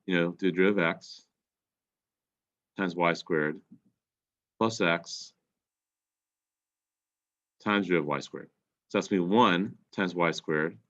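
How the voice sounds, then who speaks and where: Low-voiced congested math teacher. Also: male voice, a bit bright, lo-fi sound. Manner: deliberate, step-by-step explaining. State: congested, clearing throat. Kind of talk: recorded calculus lesson.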